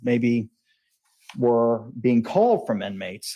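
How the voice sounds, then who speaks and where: Male witness, investigator type, fast and rambling, pitch mid-range. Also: a little mellow. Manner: rambling, fast, self-correcting with fillers. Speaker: police investigator testifying as witness. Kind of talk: courtroom testimony. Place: courtroom.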